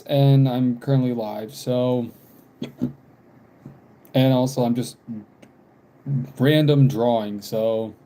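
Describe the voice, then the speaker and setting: A young man live-streaming while doodling, talking casually in halting bits, sighing and apologizing because he has the hiccups. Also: mid-range voice, fairly even intonation, dark tone. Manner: halting, apologetic, frequent sighs and small laughs.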